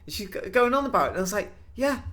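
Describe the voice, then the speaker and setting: A young man from Wales, co-hosting a casual podcast chat and telling animated stories. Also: high voice, rapid-fire. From North Wales. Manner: animated storyteller, says "mate" and "man" often. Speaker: podcast co-host.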